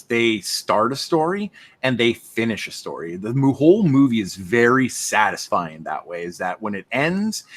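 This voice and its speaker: Animated man chatting about a film. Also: mid-range voice. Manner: animated, acts out film dialogue with laughs; conversational. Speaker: podcast co-host. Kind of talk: casual film discussion.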